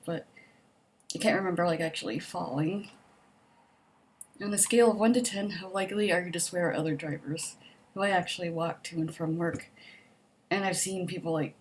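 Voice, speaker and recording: Young adult woman, casual vlogger answering a survey, a bit lower-pitched, optimistic, loose and chatty with filler words. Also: a little hiss or hum. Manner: chatty, upbeat, optimistic, frequent "like" and "um". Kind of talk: casual survey vlog, reading questions and answering.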